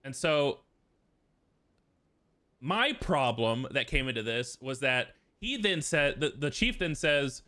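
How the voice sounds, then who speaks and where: A man's voice: mid-range voice, lively intonation, measured pace, sharp tone. A young man casually telling a long, rambling story, swearing often and filling it with "like". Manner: profane, rambling, full of fillers. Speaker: streamer.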